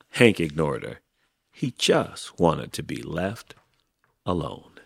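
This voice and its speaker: Deep husky man reading slowly. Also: no room sound, clean studio sound. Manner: slow, expressive storytelling. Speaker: podcast host. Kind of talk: reading a children's book aloud.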